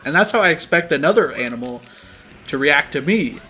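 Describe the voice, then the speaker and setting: Young male let's-play co-host, slightly high voice, laughing and profane, casual storyteller; faint music bed. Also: animated, a little fast, bright, forceful tone. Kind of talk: casual gaming chat.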